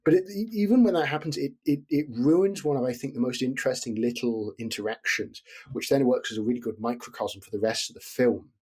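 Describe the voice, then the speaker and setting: Man, husky voice, podcast guest, rambling, lots of restarts. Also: mid-range voice, a little fast, hardly any pauses, a little mellow. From Britain. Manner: discursive, restarts and qualifies often. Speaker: podcast guest, film scholar. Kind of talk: casual chat.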